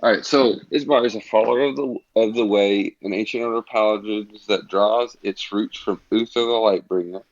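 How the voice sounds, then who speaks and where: A man reading his character's backstory from prepared notes during a tabletop game. His voice sits low, and the sound is muffled and lo-fi, as through a cheap microphone. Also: fairly even intonation, moderate pace, hardly any pauses, no room sound. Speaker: player. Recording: muffled lo-fi mic.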